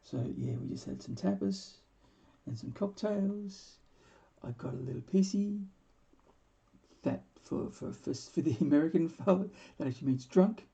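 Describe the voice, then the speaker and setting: A man in his forties hosting a live painting stream, chatting casually and rambling with chuckles, often trailing off into quiet mumbles. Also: high-pitched, animated, moderate pace, creaky, muffled recording. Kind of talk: casual chat while painting.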